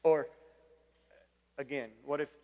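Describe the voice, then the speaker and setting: Guy pastor giving a sermon, kinda high voice, talks casual, repeats himself, lots of hall reverb. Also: little pitch movement, slow pace, lo-fi sound. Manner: conversational, repeats words when restarting, asks the room questions.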